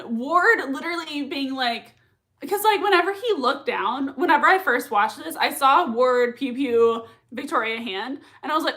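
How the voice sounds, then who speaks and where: A woman's voice: sits high, lively intonation, normal speed, bright, forceful tone. A young woman hosting a live reaction stream, gushing and repeating herself as she reacts and reads chat messages. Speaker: livestream reaction host.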